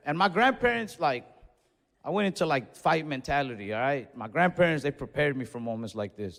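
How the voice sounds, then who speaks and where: A young man doing stand-up and telling a long story in a laid-back, profane way. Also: on the high side. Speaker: stand-up comedian. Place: comedy club stage. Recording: long reverb and faint noise, club stage.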